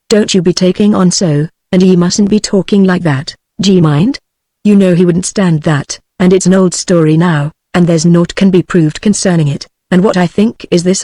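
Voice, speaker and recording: A woman's voice: lowish voice, moderate pace, mellow, no room sound, clean studio sound, natural voice. British woman TTS reading a kindly old housekeeper. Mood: coaxing. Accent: British English. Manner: plain synthetic reading, no change of voice.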